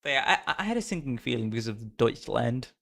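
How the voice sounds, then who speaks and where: A man's voice: medium pitch, big pitch swings, brisk, gravelly, bright, forceful tone. A young man from the Caribbean chatting casually and laughing at himself while streaming a game. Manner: chatty, self-mocking, laughs often.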